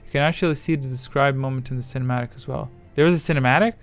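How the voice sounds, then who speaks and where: A man's voice: mid-range voice, fast talker, few pauses, soft background music. A man streaming live, rambling in casual chat, swearing freely and reading viewers' messages aloud.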